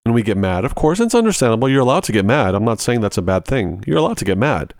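Hosting a ministry podcast, this man teaches in a conversational style, breaking down everyday examples step by step and repeating short phrases to drive points home. His medium-pitched, darkish voice is sing-song and fast, captured cleanly in a studio with no room sound.

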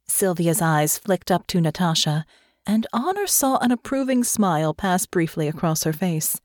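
A woman reading an audiobook in a measured, even narration. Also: lowish voice, no echo, studio quality.

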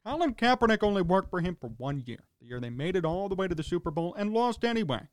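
A man's voice: high-pitched, very animated, fast talker, dry recording. A man hosting a sports talk radio show, ranting in a sarcastic, exasperated way in short punchy fragments.

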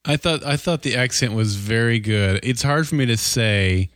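A man's voice: mid-range voice, moderate pace, a bit bright, no echo, clean studio sound. A man co-hosting a podcast, talking casually and hesitantly, often repeating words as he thinks. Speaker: podcast co-host. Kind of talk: casual TV discussion.

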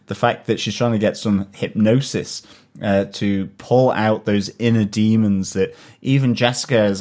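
A man's voice: fairly low pitch, darkish tone. A man co-hosting a podcast, chatting enthusiastically about a TV episode with plenty of fillers. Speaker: podcast co-host. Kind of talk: casual chat.

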